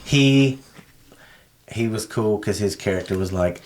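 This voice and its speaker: A man with a very deep voice hosts a casual podcast, talking in a laid-back way and swearing often. A faint hiss of noise sits under the recording. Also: a little slow, long pauses, a little mellow. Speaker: podcast host. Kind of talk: casual chat.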